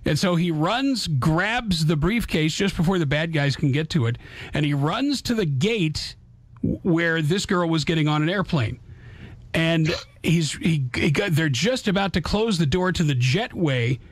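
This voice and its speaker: A male radio talk show host who retells a movie scene with halting, stumbling restarts. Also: on the high side, lively intonation, no room sound.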